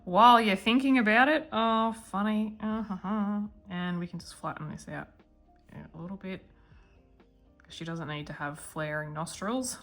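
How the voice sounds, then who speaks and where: A woman's voice: mid-range voice, measured pace, a bit bright, faint music behind. A woman hosting a guided coloring tutorial, chatting and mumbling to herself as she works. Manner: chatty, mumbling self-talk while working.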